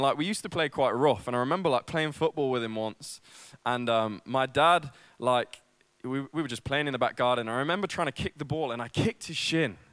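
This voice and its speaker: A man's voice: mid-range voice, fairly bright tone, no room sound. A young man preaching a sermon at a church service, casual and self-deprecating, with many fillers.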